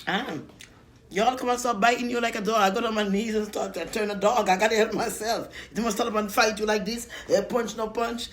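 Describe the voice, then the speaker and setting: A woman's voice: mid-range voice, fairly even intonation, a little fast. A woman chatting casually on a live stream while eating, playful and talkative, greeting viewers by name.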